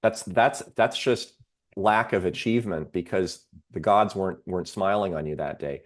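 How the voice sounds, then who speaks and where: A man, a psychiatrist guest on a podcast, explaining ideas steadily with worked examples. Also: deep voice. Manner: measured, lays out ideas with examples. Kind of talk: explanatory interview talk.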